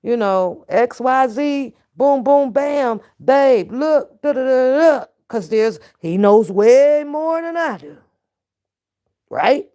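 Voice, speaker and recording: A woman's voice: high-pitched, expressive, takes it slowly, warm tone. Profane, laughing woman ranting to camera. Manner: profane, laughing, talks straight at the viewer. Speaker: reaction vlogger. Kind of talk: casual to-camera rant.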